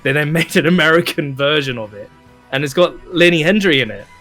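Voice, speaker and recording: A man's voice: on the high side, expressive, brisk, over music. A man chatting playfully in a casual group conversation.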